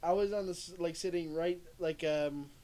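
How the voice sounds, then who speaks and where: A man's voice: a little high, normal speed, mellow. A young man streaming and chatting casually, rambling through stories, swearing and laughing often. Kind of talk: casual chat. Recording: faint background noise.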